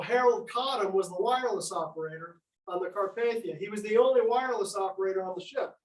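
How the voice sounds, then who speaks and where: A man giving a history lecture to an audience, telling the story with lively acted-out dialogue. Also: high voice. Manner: storytelling, acts out quoted dialogue. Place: museum lecture room. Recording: echoey room, speaker far from mic.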